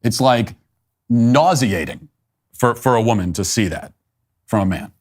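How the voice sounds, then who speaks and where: A man hosting a commentary show, delivering a measured, emphatic opinion monologue and slowing down to stress his points. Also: medium pitch, expressive. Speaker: political commentary show host.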